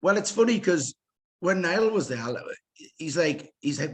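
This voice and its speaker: A man's voice: a little high, normal speed. Chatty Geordie man telling stories. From North East England. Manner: chatty storyteller, animated retelling with laughs. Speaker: podcast guest. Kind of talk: casual chat.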